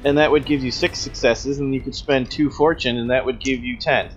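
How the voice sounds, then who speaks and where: A man running a tabletop role-playing game as game master, briskly explaining rules and teasing the players. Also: mid-range voice, steady tone, highs cut off, loud music behind the voice.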